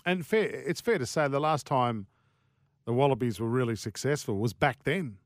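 A man's voice: medium pitch, animated, moderate pace, no room sound. An Australian man co-hosting a sports radio show, trading blunt, joking one-liners in casual banter, recorded in a studio. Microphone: studio microphone.

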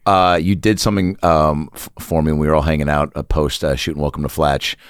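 A man's voice: a bass voice, little pitch movement, brisk, smooth, no echo, clean studio sound. A man hosting a podcast, loose and joking, asking rambling questions. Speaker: podcast host. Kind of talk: casual podcast chat.

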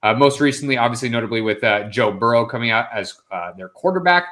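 Podcast co-host guy, kinda hesitant, lots of ums, laughs at himself, normal pitch. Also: animated, quick pace, fairly bright tone. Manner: hesitant, self-deprecating, with many fillers and restarts. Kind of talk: casual sports podcast chat.

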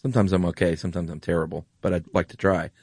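A man's voice: sits low, little pitch movement, very fast, a little mellow, breathy edge, no room sound, studio quality. A middle-aged man with a General American accent, co-hosting a podcast in casual, enthusiastic chat. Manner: enthusiastic, gushing. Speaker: podcast co-host.

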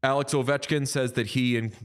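A man's voice: medium pitch, steady tone, smooth. A man co-hosting a sports podcast, chatting casually in a wry, rambling way. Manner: wry, rambling, quick to joke. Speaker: podcast co-host.

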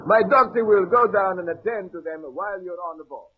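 An actor doing a suave Italian sub commander. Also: male voice, high-pitched, fairly quick, slight background noise, lightly acted. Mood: persuasive. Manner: courteous, wheedling, full of hesitations. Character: Italian submarine commander, short, fat, mustached, smooth and persuasive. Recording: dull old radio broadcast.

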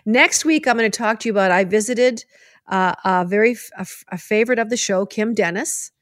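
A middle-aged woman hosting a podcast in casual chat, chatty and animated as she gives heartfelt advice. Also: medium pitch, fairly quick, dry recording, studio quality. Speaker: podcast host.

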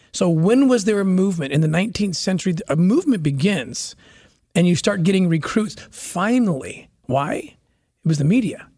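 Appearing as a podcast guest, a man tells a story earnestly and passionately, restarting often in a conversational interview setting. His voice is on the high side, husky, and a little mellow.

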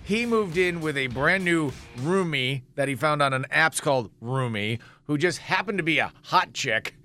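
A man's voice: fairly high pitch, expressive, moderate pace, bright, forceful tone, faint music behind. A man hosting a casual radio show, joking and laughing often. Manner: joking, laughing often, mock-dramatic asides. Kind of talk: casual morning radio banter.

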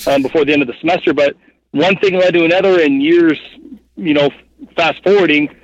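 A man in his thirties telling a long story as a guest in an interview, rambling and animated, with lots of fillers. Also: on the high side, fairly quick, lo-fi sound. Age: 30s. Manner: rambling, animated, heavy with fillers like "like" and "you know what I mean". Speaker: guest, hunting guide and cameraman.

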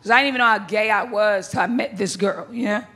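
A woman's voice: mid-range voice, fast talker, pushed and bright. A woman performing a stand-up comedy set, brash and blunt, with crude punchlines and bursts of laughter. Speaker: stand-up comic.

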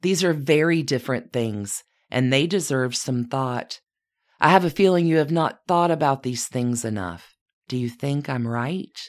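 A woman reading as a gentle, probing older lady. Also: extremely low pitch, unhurried. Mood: gently probing.

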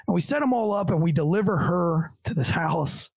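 A police officer appearing as a podcast guest tells a story in a casual, profane style, acting out what other people said. His gravelly, slightly husky voice sits a little high yet has a darkish tone, and he speaks expressively at a moderate pace. The recording is close and dry.

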